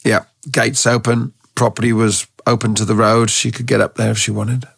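A man who trains dogs, telling stories in a relaxed, rambling way as a guest in an interview, with a gravelly, husky voice. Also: mid-range voice, normal speed, no echo, clean studio sound. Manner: relaxed, rambling, with many restarts. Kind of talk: casual storytelling in a podcast interview.

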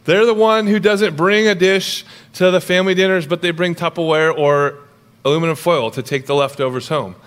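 A young man preaching a sermon as pastor, animated and jokey, with quick storytelling asides. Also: on the high side, smooth, big-room sound.

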